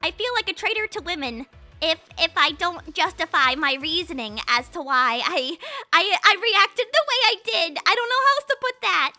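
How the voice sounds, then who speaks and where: A woman's voice: extremely high pitch, sing-song, normal speed, sharp tone, soft background music. A young woman VTuber chatting casually with her stream chat, rambling and playful with many fillers.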